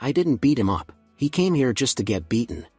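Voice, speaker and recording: A man voicing an arrogant, calm teenage boy who talks bluntly, in a comic recap. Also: mid-range voice, fairly quick, breathy edge, no room sound, soft background music. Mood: smug. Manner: blunt and smug.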